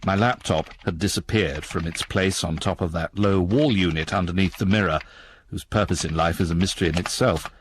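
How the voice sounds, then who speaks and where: A man narrating as a wry, deep-voiced hack. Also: a little fast, a little hiss or hum, close to an everyday voice. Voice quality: dry, wry. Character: weary, sardonic middle-aged male writer narrating his diary. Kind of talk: scripted diary narration.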